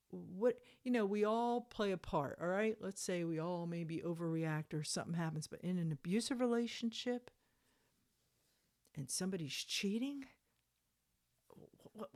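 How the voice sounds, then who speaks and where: A woman's voice: fairly low pitch, lively intonation, a little slow, darkish tone. A woman reading messages aloud and breaking in with sarcastic, indignant commentary. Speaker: commentator reading court documents.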